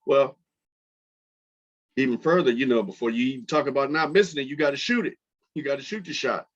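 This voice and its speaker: A middle-aged man hosting his podcast, telling a personal story in a casual, animated way with lots of fillers. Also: medium pitch, brisk, breathy edge. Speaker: podcast host. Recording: dull lo-fi podcast audio.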